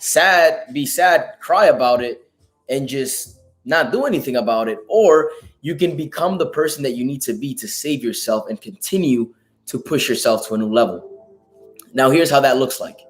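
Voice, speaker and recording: Hoarse male motivational host, raspy and emphatic, faint background music. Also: medium pitch. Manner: emphatic, profane, preachy. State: hoarse from a lost voice. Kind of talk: live motivational talk.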